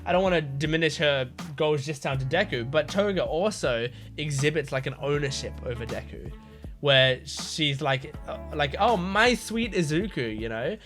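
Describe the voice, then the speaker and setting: A man's voice: a little high, moderate pace, a bit bright, faint music behind. A man hosting a reaction video, talking casually with lots of fillers and restarts. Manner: rambling, many fillers and restarts. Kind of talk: casual talk.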